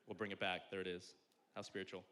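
A young man preaching a sermon as pastor, joking and animated, swinging from loud exclamations to quiet asides. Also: sits low, quick pace.

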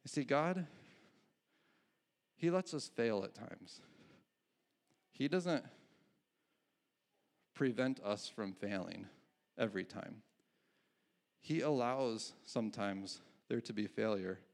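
A man's voice: mid-range voice, animated, slow pace, long pauses. A male pastor giving a conversational sermon, often restarting his phrases and chuckling at his own asides.

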